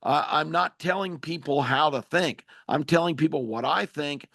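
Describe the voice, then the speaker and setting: A man's voice: on the high side, normal speed, gravelly, fairly bright tone, no echo, studio quality. A man hosting a talk radio show, giving emphatic, opinionated political commentary.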